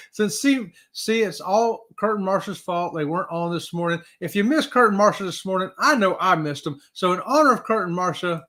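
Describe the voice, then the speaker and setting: Male livestream host with a high voice; upbeat, chatty, reads viewer comments aloud. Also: expressive, moderate pace, sharp tone. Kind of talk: casual livestream chat.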